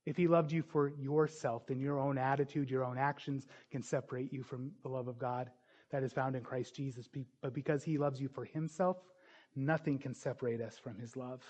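A man's voice: medium pitch, steady tone, moderate pace, a little mellow. A man preaching a sermon as pastor, earnest and building to emphatic questions.

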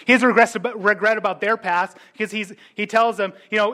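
A high-pitched man preaching a sermon as pastor. He talks in a lively, conversational way, acts out what the characters say, and drops in casual asides. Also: fairly quick, few pauses. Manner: animated, acts out biblical characters' words.

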